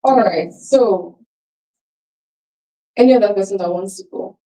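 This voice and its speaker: Woman, event host, chatty, laughs often, mellow tone, distant mic. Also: mid-range voice, a little slow. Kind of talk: leading an icebreaker game with an audience.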